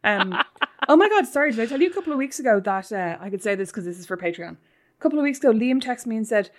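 Teasing woman co-host, slightly high voice. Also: fast talker. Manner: teasing, animated storyteller. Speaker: podcast co-host. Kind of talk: casual chat.

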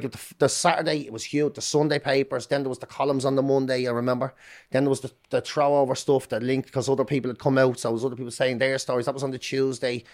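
A middle-aged Irish man talking as a podcast guest, telling his story candidly in a fast, swearing, self-interrupting way. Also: medium pitch, darkish tone. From Ireland.

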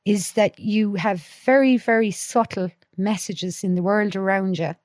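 A woman's voice: medium pitch, measured pace, darkish tone, no echo, clean studio sound. A middle-aged woman, a podcast guest, chatting earnestly and telling stories with many restarts. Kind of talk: casual conversation.

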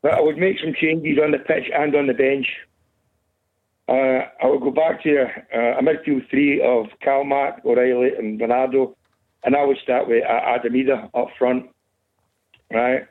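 A man calling a football phone-in, tired and a bit out of breath, calm and dismissive of rivals. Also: medium pitch, normal speed. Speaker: caller, Celtic fan. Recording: tinny phone line.

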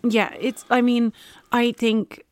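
A woman's voice: fairly high pitch, flat delivery, takes it slowly. A woman, a parenting expert giving advice in casual chat, reassuring and matter-of-fact.

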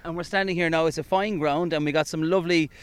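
A man's voice: fairly high pitch, steady tone, fast talker, clear, resonant tone, no room sound. A man reporting in the field for radio, interviewing in an upbeat, playful way.

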